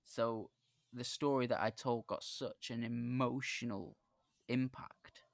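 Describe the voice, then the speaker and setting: Halting, earnest male podcast host. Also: mid-range voice, fairly even intonation, creaky, dry recording, clean studio sound. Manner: earnest, halting storyteller with many restarts. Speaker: podcast host and dungeon master. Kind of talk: casual podcast chat.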